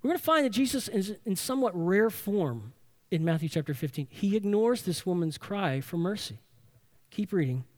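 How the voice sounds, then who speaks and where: A man with a notably high speaking voice delivers a sermon with emphatic conviction. He drives his points home by repeating key phrases and posing rhetorical questions to the room. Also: expressive, moderate pace, a little mellow. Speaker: pastor.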